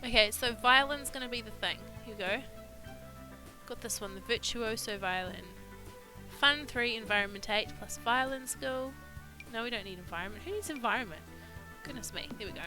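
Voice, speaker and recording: A woman's voice: on the high side, normal speed, pushed and bright, faint music behind, low-quality recording. A woman giving casual let's-play commentary, chatting to her game characters and laughing often. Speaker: gaming YouTuber.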